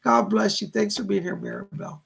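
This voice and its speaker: A man hosting live-stream psychic readings from his computer, greeting viewers with excitement and relaying spirit messages. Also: sits high, moderate pace, creaky, slightly rough. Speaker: psychic medium host.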